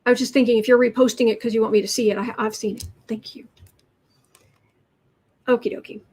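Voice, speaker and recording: A woman hosting a live tarot reading, musing aloud over the cards and answering chat in halting, drawn-out phrases. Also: a little high, steady tone, a little mellow, breathy edge. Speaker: tarot reader and channel host.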